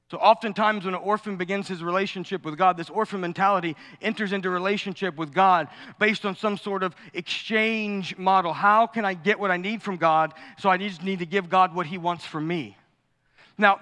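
A man delivers a lively sermon, leaning into jokes and acted-out asides. His voice sits high and sounds bright and forceful. It rings out with long reverb through a large church sanctuary. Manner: animated, jokey preaching with asides and acted-out quotes. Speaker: pastor.

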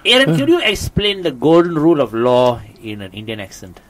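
A man's voice: a little high, wildly swooping pitch, brisk, slight background noise, low-quality recording. A man hosting a casual podcast chat, teasing and prompting his co-hosts. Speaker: podcast host.

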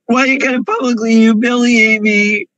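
A man's voice: very high voice, steady tone, moderate pace, a bit bright, no room sound, low-quality recording. A man crying through an emotional confessional vlog, pleading and repeating himself over and over from his parked car. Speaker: vlogger.

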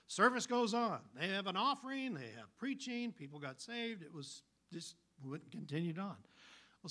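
Bright-voiced storytelling male preacher. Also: on the high side. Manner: animated storytelling, folksy. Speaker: pastor. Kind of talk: sermon.

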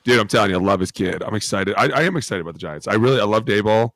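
Lowish brash guy cursing and joking on a podcast, dry close sound. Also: expressive, racing, a bit bright, dry recording. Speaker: podcast co-host, former NFL lineman. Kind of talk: casual podcast chat.

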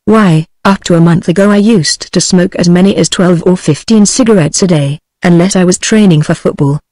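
A synthetic British female voice reading the lines of an earnest, preachy sixteen-year-old boy in an even, mechanical way. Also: on the low side, normal speed, no echo, lightly acted. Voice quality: even, mechanical text-to-speech delivery.

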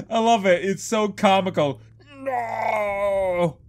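Excitable, swearing man playing a game. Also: on the high side. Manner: excitable, profane outbursts. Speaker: gameplay commentator. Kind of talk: let's play commentary.

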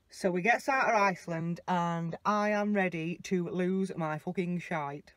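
A woman's voice: lowish voice, unhurried, hardly any pauses, no room sound. A young British woman ranting and telling a story in a chatty, sweary way while driving, talking into her phone mounted on the dashboard. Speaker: vlogger. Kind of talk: casual storytelling rant. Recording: dull lo-fi phone audio.

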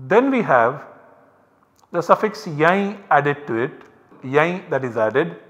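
Male lecturer, measured and methodical, slightly raised pitch, reverberant lecture recording. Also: lively intonation, fairly bright tone. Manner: slow, methodical explaining. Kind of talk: university lecture.

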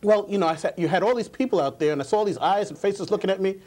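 Male guest speaker, higher-pitched, earnest, tells anecdotes and doubles up his words. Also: very fast, darkish tone. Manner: earnest storyteller, repeats words. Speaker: guest, public speaking coach. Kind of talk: interview answers.

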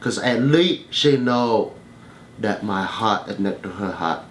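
A man playing a doting, sweet-talking immigrant father who speaks slow broken English. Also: on the low side, lively intonation, a little hiss or hum.

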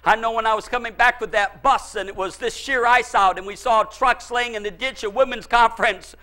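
Man, pastor, fervent sermon, very high voice, bright ringing tone, impassioned shouting. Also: fairly even intonation, a little fast. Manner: impassioned, often shouting and crying out.

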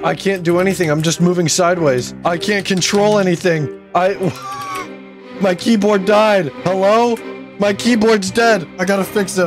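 A man commentating his own gameplay, exclaiming and mocking himself as he complains. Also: sits high. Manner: exclaiming, self-mocking, complains while playing. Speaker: gaming YouTuber. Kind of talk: let's play commentary.

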